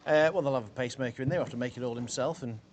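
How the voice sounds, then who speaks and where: A man gives his racing views outdoors at the track. He talks fast and energetically, reeling off odds and form. Faint ambient noise sits behind his mid-pitched voice. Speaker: pundit. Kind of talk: racing preview chat. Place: outdoors at a racecourse.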